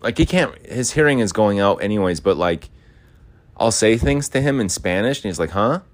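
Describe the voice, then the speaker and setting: A young man with a deep, low voice talks off the cuff in a loose, rambling monologue. He leans on endless filler words and casual swearing, drifting from one thought to the next like an unscripted podcast host. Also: lively intonation, moderate pace.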